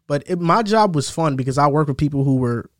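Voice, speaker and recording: A young man in casual chat with friends, telling stories about old jobs in a relaxed way, saying "bro" a lot. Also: on the high side, a little fast, no room sound, studio quality. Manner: relaxed storytelling, says "bro" often.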